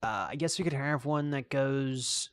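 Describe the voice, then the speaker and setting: A man's voice: medium pitch, a little slow, clean tone. An Australian man casually rambling and thinking aloud while streaming a video game. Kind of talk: casual gameplay commentary.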